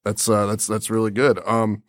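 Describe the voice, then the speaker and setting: Host, male, laid-back interviewer, low voice, dry close mic. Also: moderate pace, dry recording. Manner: relaxed, reacts with short exclamations, steers the talk. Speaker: podcast host. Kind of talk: casual interview.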